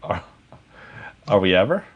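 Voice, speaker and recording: A man's voice: low voice, big pitch swings, a little slow, lo-fi sound, a little hiss or hum. A man co-hosting a live beer show and running the stream, speaking in short, dry remarks. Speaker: co-host and producer. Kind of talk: casual live-stream chat.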